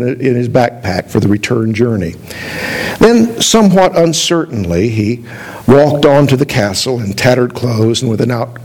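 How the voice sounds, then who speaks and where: A male pastor giving a sermon in a measured, storytelling way. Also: medium pitch, darkish tone.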